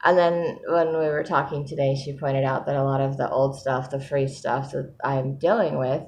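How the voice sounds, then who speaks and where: A woman's voice: a bass voice, steady tone, moderate pace, darkish tone, a little hiss or hum. A woman talking in a casual diary vlog, sleepy and yawning, rambling and self-deprecating with frequent laughs. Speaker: vlogger.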